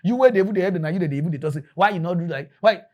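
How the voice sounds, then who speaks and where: A man with a Nigerian Pidgin accent, ranting in animated commentary as a mock news presenter. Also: high-pitched, rapid-fire.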